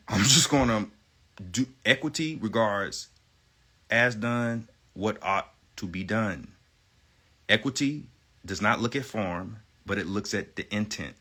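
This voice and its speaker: Man delivering a rambling, profane livestream rant; bright, tense delivery, insistent. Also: on the low side. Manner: rambling, profane, repeats himself; emphatic, insistent.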